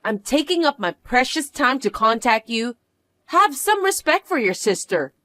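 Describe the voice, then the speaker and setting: A woman's voice: high voice, big pitch swings, moderate pace, pushed and bright, dry recording, studio quality, exaggerated voice. A woman voicing a bratty, boastful young stepsister who talks in a haughty, taunting, demanding way. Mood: mocking. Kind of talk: dramatized story acting.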